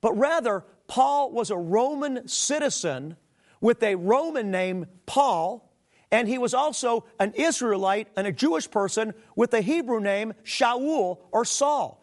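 A middle-aged male preacher delivers a teaching sermon in a noticeably high voice. He reads scripture aloud with earnest emphasis and keeps turning to speak directly to his listeners. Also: animated, measured pace.

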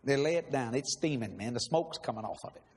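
A man's voice: mid-range voice, expressive, fast, darkish tone. A man preaching a sermon, telling a personal testimony in a dramatic, emphatic way and laughing often. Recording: long hall reverb, faint background hiss.

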